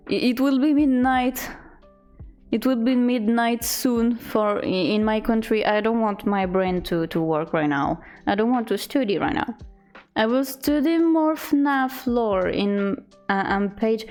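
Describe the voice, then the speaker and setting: A young woman streamer in casual chat, reading out chat messages in a halting, giggly way. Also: a little high, darkish tone, faint music behind.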